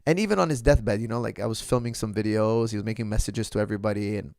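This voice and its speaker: A man's voice: lowish voice, quick pace, gravelly, a little mellow, dry recording, clean studio sound. A middle-aged man, a martial arts coach, talking casually and bluntly to his viewers, calling them "guys" and often restarting his sentences.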